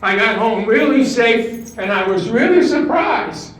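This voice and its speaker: A man's voice: extremely high pitch, lively intonation, a little slow, heavy background noise. An older man from Brooklyn tells jokes in a stand-up act at a talent show and chuckles at his own punchlines. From Brooklyn, New York. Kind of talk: stand-up joke telling. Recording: distant, very echoey hall recording.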